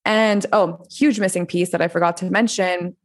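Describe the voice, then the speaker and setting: A woman in her twenties, a coach and podcast guest, telling her story in a rambling, animated way with frequent laughs and restarts. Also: fairly low pitch, normal speed. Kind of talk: casual interview storytelling.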